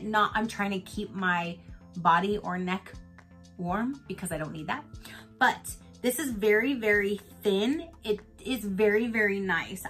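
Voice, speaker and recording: A woman's voice: a little high, sharp tone. A woman vlogger chatting casually through an unboxing, telling stories with lots of laughter. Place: home in Florida.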